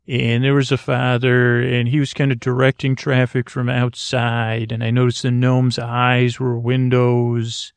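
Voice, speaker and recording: A man improvising a bedtime story, rambling and halting with many restarts. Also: mid-range voice, little pitch movement, creaky, clear, resonant tone, dry recording.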